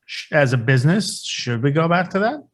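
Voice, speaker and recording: A man's voice: on the high side, big pitch swings, moderate pace. A man co-hosting a casual podcast. He talks loosely, with lots of "like" and "right?". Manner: loose and conversational, many "like" and "right?" tags. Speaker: podcast co-host.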